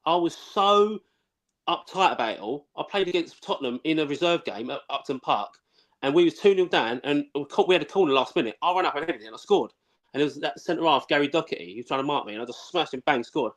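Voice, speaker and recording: A man, telling blunt, excitable, sweary football stories in a casual live chat. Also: on the high side, fast talker. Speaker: former footballer, guest.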